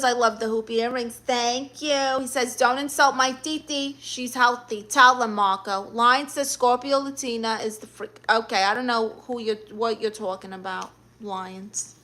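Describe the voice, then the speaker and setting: Her fairly high voice has a sharp edge as she runs a laid-back livestream. Reading out viewers' comments, she fires back sassy replies and keeps addressing everyone as honey.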